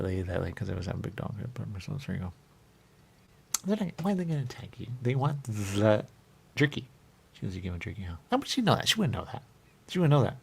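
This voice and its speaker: A man with a very low, gravelly voice rambles through a comic radio chat, circling back to the same phrases. Faint noise sits behind him. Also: a bit bright. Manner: rambling, repeats "there you go", jumps into silly voices. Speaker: radio show host.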